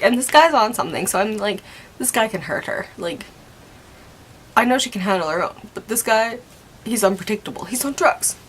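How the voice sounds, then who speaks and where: A woman's voice: medium pitch, a bit bright, a little hiss or hum. A young woman telling a story in a casual, chatty way. She laughs often and acts out what other people said.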